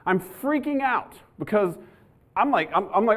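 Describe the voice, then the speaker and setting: A man's voice: sits high, animated, moderate pace. A middle-aged police trainer, giving a live training talk to an audience and telling stories as he goes. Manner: conversational storyteller, acts out his own panic. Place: university lecture hall.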